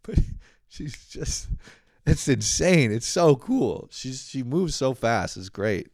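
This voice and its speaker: A man's voice: mid-range voice, expressive, measured pace, a little mellow, no room sound, clean studio sound. A young man telling a comedic story in a casual monologue, swearing often and breaking into exasperated yelps. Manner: frequent swearing. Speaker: host.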